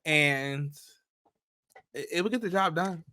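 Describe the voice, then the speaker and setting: Man, podcast co-host, playful animated storyteller, bright tense voice, dry close sound. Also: fairly high pitch, slow, no echo. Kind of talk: casual chat.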